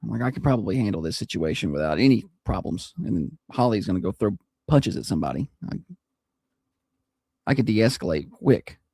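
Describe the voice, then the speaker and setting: A man's voice: on the low side, expressive, a little fast, gravelly, a little mellow, husky, no room sound, studio quality. A man hosting a radio morning show, joking and teasing his co-host in casual banter.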